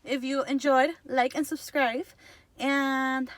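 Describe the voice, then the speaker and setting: A woman's voice: high voice, level tone, slow pace, a little hiss or hum. A woman vlogger chatting casually to her followers, rambling and gushing with lots of "like" and the odd Spanish word. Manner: rambling and gushing, heavy use of "like", drops in Spanish words. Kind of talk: casual chat to camera.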